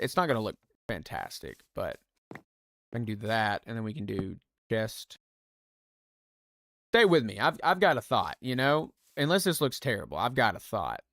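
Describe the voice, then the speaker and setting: Male streamer talking through his build with a gravelly edge, music behind him. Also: medium pitch, a bit bright. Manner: thinking aloud, self-deprecating, chatty with viewers. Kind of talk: casual live gameplay commentary.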